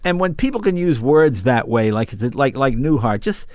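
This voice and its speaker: Animated older man telling stories. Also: mid-range voice, normal speed, dry recording. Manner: animated, acts out voices in anecdotes. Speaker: comedian guest. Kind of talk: casual chat, storytelling.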